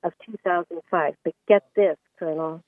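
A woman's voice: lowish voice, fairly even intonation, moderate pace, no echo. A woman calling in to a radio talk show, telling an earnest, emotional story. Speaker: caller. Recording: tinny phone line, dry.

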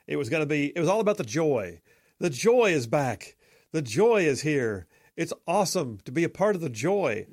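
A man's voice: mid-range voice, dry recording, studio quality. A man hosting a casual political talk show, chatty and opinionated with joking asides.

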